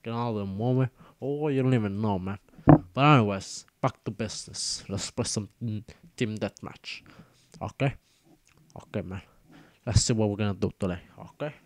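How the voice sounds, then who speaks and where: A man's voice: on the low side, normal speed, dry recording, voice pushed down, natural voice. A man voicing a cocky, boastful male gangster boss. He drawls and tacks "man" and "okay" onto every phrase. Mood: swaggering.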